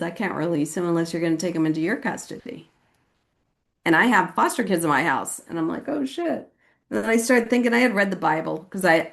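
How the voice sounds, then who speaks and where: A woman from California sharing her personal recovery story at a meeting, chatty and casual, often saying "like" and acting out quoted voices. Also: gravelly. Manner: casual and chatty, with frequent "like" and "you know what I mean"; acts out quoted voices with sudden high pitch.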